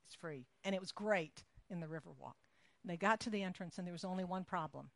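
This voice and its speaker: A woman preacher delivers a sermon, building to her point through a long story told in an animated, conversational way, slipping into the voices of its characters. Her fairly low voice is fast and creaky. The sound is dry and close, with no echo.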